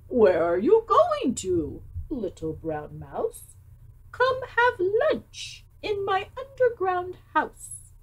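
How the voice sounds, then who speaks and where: A woman voicing a sly, hungry fox in a children's story, coaxing and slow. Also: extremely high pitch, wildly swooping pitch, voice pushed up, heavily acted.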